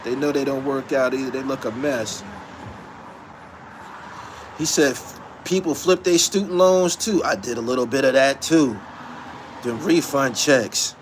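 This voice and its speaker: A man's voice: moderate pace, slight background noise. A man hosting a podcast, telling a story in a loose, profane way, often breaking into laughter. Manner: laughing, profane, swings from low mutter to high excited yelps. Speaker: podcast host.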